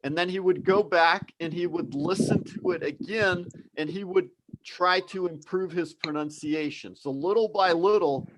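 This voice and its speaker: A man's voice: high voice, moderate pace, noisy background. Upbeat encouraging male English teacher. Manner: explanatory, encouraging, conversational. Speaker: English teacher hosting a live class. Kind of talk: live online lesson.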